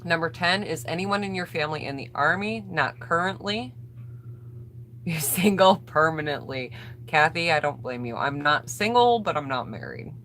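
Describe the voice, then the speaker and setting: American woman, low voice, bright and forceful tone, casual vlog chat, greets viewers. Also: lively intonation, normal speed, slight background noise. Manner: chatty, reads questions aloud then answers and greets viewers. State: recovering from a cold. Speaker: vlogger answering a question tag on a live stream.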